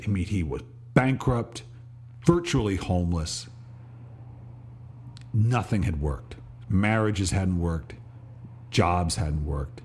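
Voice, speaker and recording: A middle-aged man and podcast host telling a reflective personal story, slowing on details and restarting phrases. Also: fairly low pitch, a little mellow. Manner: reflective, pauses and restarts, slows on vivid details.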